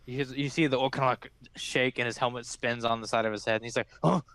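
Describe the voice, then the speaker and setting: A man's voice: mid-range voice, steady tone, fairly bright tone, clear, resonant tone, dry recording. Man narrating as game master, dry sound. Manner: halting, filler-heavy narration.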